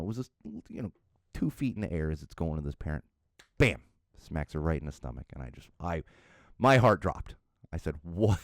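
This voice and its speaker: On his solo podcast, a middle-aged man spins self-deprecating anecdotes in a casual, lively way, chuckling throughout. The pitch is fairly low, and the studio-quality recording has no echo.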